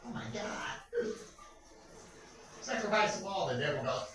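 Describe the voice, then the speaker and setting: A man's voice: high-pitched, big pitch swings, a little slow, pauses often, a bit bright. Rambling, crude man. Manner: crude, rambling, keeps asking "right?". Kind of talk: ranting monologue vlog. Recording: echoey room, far from mic.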